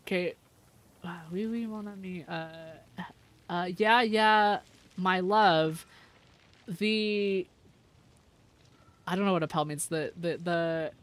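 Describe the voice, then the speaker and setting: A woman's voice: fairly low pitch, fairly bright tone. A young woman chatting casually on a livestream, giggling often and talking in a rambling, slangy, profane way. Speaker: streamer.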